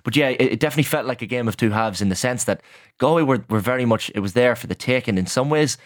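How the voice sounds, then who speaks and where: An Irish man in his twenties or thirties, a sports journalist chatting on radio, quick and chatty, often repeating words as he goes. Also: medium pitch, no echo, clean studio sound. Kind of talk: casual radio sports chat.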